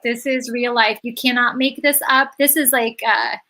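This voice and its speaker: A woman's voice: fairly high pitch, steady tone, moderate pace, pushed and bright, rough recording. A woman explaining skincare products on a live beauty chat, in an explanatory way with many fillers. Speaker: skincare brand educator.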